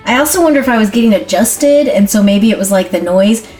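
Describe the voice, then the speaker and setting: A woman's voice: mid-range voice, expressive, fast, a little mellow, faint music behind. A woman co-hosting a podcast in casual chat, unsure and trailing off, leaning in close to a mic on a stand. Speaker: podcast co-host.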